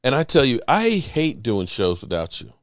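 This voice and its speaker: Man, middle-aged, sports podcast host, rambling casual talk, lively swinging pitch, dry close mic. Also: normal speed, dry recording. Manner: rambling, chatty, with shout-outs to viewers. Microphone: desk microphone.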